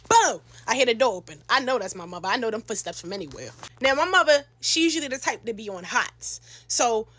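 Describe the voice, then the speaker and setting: A young woman telling a casual storytime, animated and full of slang, acting out other people's lines. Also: fairly high pitch, a little fast. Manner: animated, slangy, acts out voices in her telling.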